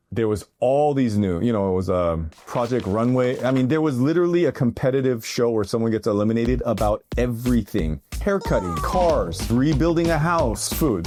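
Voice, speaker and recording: Middle-aged male artist-host, animated motivational riffing, jumps into loud bursts, clear music bed underneath. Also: medium pitch. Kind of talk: energetic motivational monologue.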